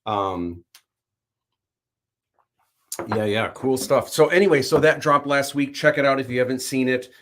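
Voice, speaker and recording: A man hosting a livestream, chatting casually and animatedly, telling stories and acting out quick bits. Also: mid-range voice, a little hiss or hum. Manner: animated storyteller, acts out little voices. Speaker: livestream host. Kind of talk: casual chat.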